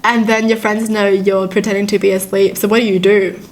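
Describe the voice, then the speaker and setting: A young woman hosting a reaction video, reading stories aloud and commenting with frequent giggles and expressive reactions. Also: medium pitch, fairly quick. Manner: giggly, expressive, often breaks into laughter. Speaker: YouTube reaction host.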